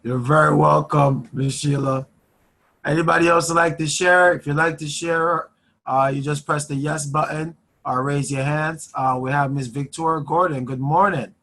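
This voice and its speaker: Male host on a video call, a bit high, courteous and welcoming. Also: steady tone, normal speed, a bit bright. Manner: polite, inviting. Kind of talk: hosting an online group call.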